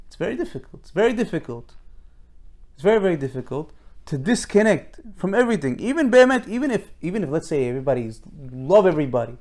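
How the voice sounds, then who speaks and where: Animated preacher acting out small dialogues. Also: male voice, on the high side, fast. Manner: animated, repetitive, acts out little dialogues. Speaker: rabbi giving a Torah talk. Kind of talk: informal sermon.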